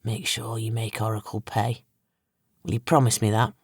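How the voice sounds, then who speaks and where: A woman's voice: very deep voice, steady tone, moderate pace, dry recording, clean studio sound. A woman voicing a middle-aged male police chief, strained and heavy with emotion. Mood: desperate.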